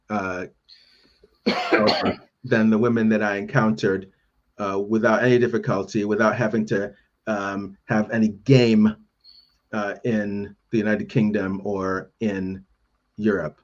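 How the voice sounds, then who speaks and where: A man in casual podcast chat who speaks hesitantly with many pauses and fillers. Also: on the low side. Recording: dull lo-fi sound.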